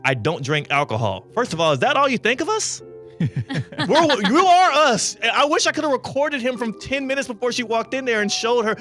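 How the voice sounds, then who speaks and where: A man hosting a talk radio show, telling a long story with lively, animated delivery. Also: very high-pitched, brisk, faint music behind. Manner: lively anecdotal telling with bursts of laughter. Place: radio studio.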